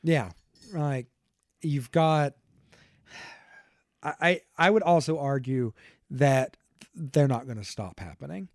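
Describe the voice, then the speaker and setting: A man's voice: fairly high pitch, slow pace, long pauses, a little mellow, dry recording. Guy hosting a podcast, laughs a lot, restarts sentences, dry close mic. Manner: laughs often, thinks aloud with restarts. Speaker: podcast host. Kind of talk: casual podcast conversation.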